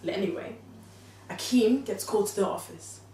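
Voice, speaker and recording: A young woman telling a dramatic story to her mother, confiding and animated, swinging between hushed and exclaiming. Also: medium pitch, normal speed. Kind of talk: dramatic monologue. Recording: echoey room, distant mic.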